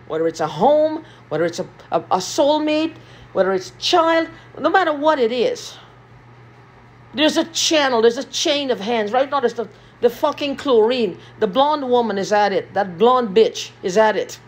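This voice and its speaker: Agitated, husky-voiced woman ranting. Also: a little high, expressive, moderate pace. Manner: agitated, repetitive, swearing often. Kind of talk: ranting vlog monologue. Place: small basement room with concrete walls.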